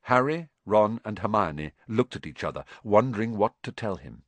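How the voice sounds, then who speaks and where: A man narrating an audiobook with expressive storytelling. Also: on the low side, moderate pace, hardly any pauses, no echo. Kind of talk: scripted narration.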